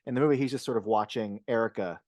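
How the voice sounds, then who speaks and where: A man's voice: mid-range voice, quick pace, darkish tone, no echo. A man co-hosts a casual film podcast, his voice dry and close with no room around it. He rambles through his points with frequent restarts and drops a curse word now and then. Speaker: podcast co-host.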